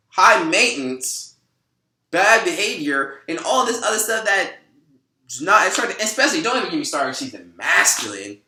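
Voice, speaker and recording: A man's voice: high voice, sharp tone, roomy sound, poor audio. A young man ranting through a storytime vlog, rambling, repeating words and restarting his sentences. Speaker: vlogger. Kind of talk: storytime rant to camera.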